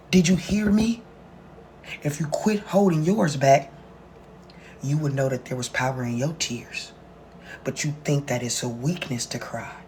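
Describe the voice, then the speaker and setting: Vlogger, mid-range voice. Loose, slangy monologue that leans into fervent preaching. Faint noise under the recording. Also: medium pitch. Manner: fervent, preachy talk about prayer and crying; casual street slang and drawl. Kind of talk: personal vlog monologue.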